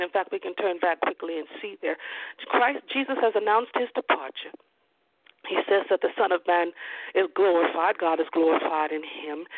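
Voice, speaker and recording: A woman's voice: mid-range voice, gravelly. A middle-aged woman preaching a fervent sermon, calling out amens and hallelujahs as she teaches. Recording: tinny phone-line radio broadcast.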